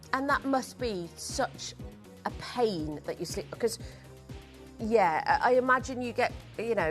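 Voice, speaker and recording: Gushing shopping-channel presenter, higher voice. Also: female voice. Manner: gushing, chatty sales patter. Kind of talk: live TV jewellery selling.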